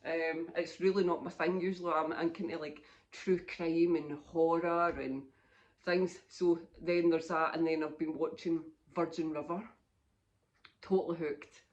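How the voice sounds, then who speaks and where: A woman's voice: deep voice, fairly even intonation, a little slow, darkish tone, dull audio. A woman in her fifties with a Scottish accent, hosting a knitting podcast in a chatty, rambling way and laughing often. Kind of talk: casual chat.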